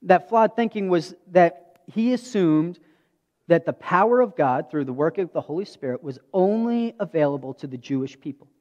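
A man's voice: a little high, expressive, moderate pace, darkish tone. A pastor in his thirties preaching a sermon, telling stories earnestly and acting out dialogue. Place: church sanctuary. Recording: dull audio with long hall reverb.

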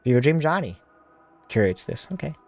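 A man's voice: fairly high pitch, big pitch swings, a little fast, a little mellow. A man casually commenting to himself while playing a horror game, rambling with many fillers and restarts. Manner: rambling, self-talking, lots of fillers and restarts. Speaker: streamer playing a horror demo disc. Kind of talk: casual let's-play commentary.

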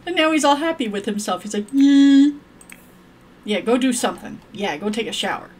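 A woman's voice: medium pitch, expressive, quick pace. A woman streaming a game, rambling to her viewers and cursing at her characters in crude, profane chat. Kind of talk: casual gameplay commentary.

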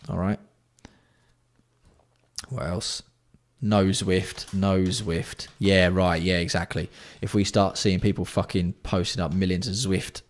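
A man hosting a casual livestream, bantering with chat and swearing freely while keeping his voice fairly hushed. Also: low-pitched, steady tone, a little slow. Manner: banter-filled, sweary, reads out and answers chat. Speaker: livestream host.

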